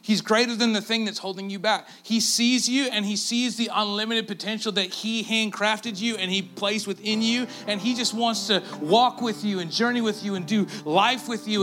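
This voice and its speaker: A male pastor with a Canadian accent preaching a sermon, telling the story with lively, acted-out quotes and dropping to quiet asides for emphasis. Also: high voice, moderate pace, few pauses, music in the background. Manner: animated storytelling, acting out quotes; drops to a near-whisper for emphasis.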